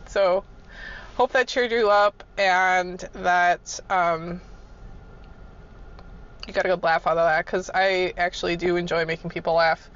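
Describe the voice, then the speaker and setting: A woman's voice: fairly low pitch, steady tone, measured pace, pauses often, a bit bright, highs cut off. A woman telling casual work stories in a laid-back, chuckling way, swearing freely. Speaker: vlogger. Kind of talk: casual storytelling.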